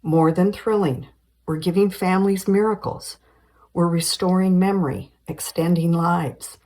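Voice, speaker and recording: A woman's voice: fairly low pitch, fairly even intonation, measured pace, dark tone, natural voice. A woman reading a teasing woman doctor in her forties. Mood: formal. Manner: teasing, skeptical.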